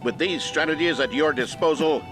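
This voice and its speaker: A man's voice: a little high, moderate pace, natural voice. A man doing a chipper instructional film announcer. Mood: earnest. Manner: upbeat, earnest, mock-educational. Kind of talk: scripted narration. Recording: narration over clear music.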